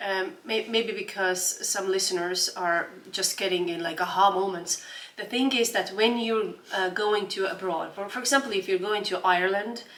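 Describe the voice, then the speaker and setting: A woman in her forties talks as a podcast guest, earnest and often restarting mid-phrase as she hunts for English words. She sits well back from the mic in a roomy, echoing space, her voice at an ordinary middle pitch. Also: normal speed, a bit bright, slight background noise. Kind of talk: casual interview chat. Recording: roomy room, distant mic.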